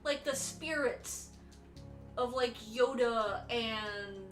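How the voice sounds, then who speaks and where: High-pitched woman cohost, blunt, pokes at him, roomy echo. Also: very slow, fairly bright tone, faint music behind. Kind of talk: casual live-stream chat.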